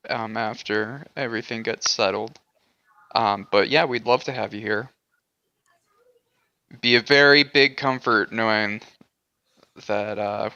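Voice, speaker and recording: Male player, laid-back, bright voice, dull lo-fi recording. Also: fairly low pitch, dry recording. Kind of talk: casual tabletop game chat. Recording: slightly dull lo-fi mic.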